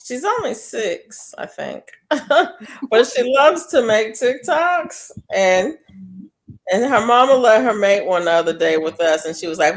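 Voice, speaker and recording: A middle-aged woman hosting a casual chat with friends, telling animated stories and laughing often. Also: fairly high pitch, unhurried, low-quality recording. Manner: animated storyteller, laughs often, Southern-style "y'all". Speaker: show host.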